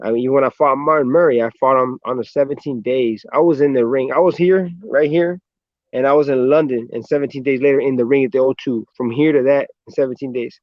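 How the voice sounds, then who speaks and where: A man with an American accent, a professional boxer, chats casually in an interview, telling laid-back stories, swearing often and ending lines with "man." His mid-range voice is steady and quick, and the recording is muffled with no echo.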